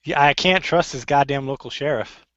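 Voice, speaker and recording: A man playing in a tabletop game, blunt and excitable. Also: mid-range voice, normal speed, no room sound, highs cut off. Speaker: player.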